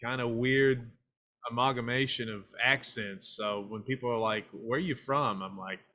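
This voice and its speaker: Speaking at a moderate pace in a medium-pitched, bright, forceful voice, this American guest with an East Tennessee accent chats on a podcast. A filmmaker and wrestler, he spins folksy stories and sometimes becomes a hyped funky DJ.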